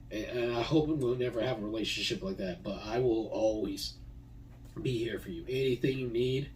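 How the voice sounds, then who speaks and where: A young man thanking the people who shaped him, talking in a halting, heartfelt way with many repeated words and fillers. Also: mid-range voice, darkish tone, distant mic, slight background noise, low-quality recording. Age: young adult. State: tearful, voice breaking. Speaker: graduating high school student. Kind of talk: heartfelt personal thank-you.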